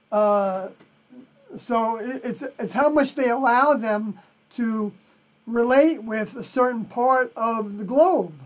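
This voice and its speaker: A live stream host with a New York accent, thinking aloud through scripture commentary and often trailing off softly. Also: medium pitch.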